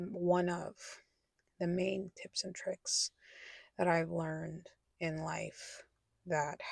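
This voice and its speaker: A woman's voice: lowish voice, vocal fry, no room sound. A young adult woman talking candidly in a personal vlog, rambling and correcting herself, sometimes dropping to a whisper. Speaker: vlogger.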